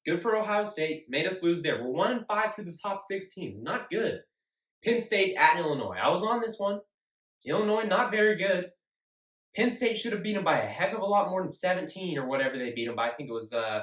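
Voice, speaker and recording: A fairly high-voiced man hosts a casual sports talk show. He speaks with animated emphasis and repeats his points. He sounds a little away from the mic, with roomy echo. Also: moderate pace. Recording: echoey room, mic at a distance.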